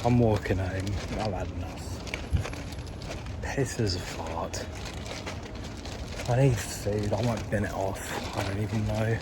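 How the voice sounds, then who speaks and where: A man's voice: fairly low pitch, fairly even intonation, unhurried, long pauses. A young man vlogging as he walks through city streets at night. He is drunk and tired, and he swears and rants as he grumbles to his viewers. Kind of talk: casual walking vlog. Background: traffic and street noise.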